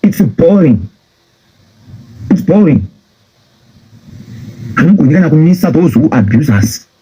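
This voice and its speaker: A man's voice: on the high side, sing-song, unhurried, warm tone, husky. A man with a Zimbabwean accent delivering a heated political rant, scolding and repeating himself as he mixes in phrases from home. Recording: dull lo-fi recording.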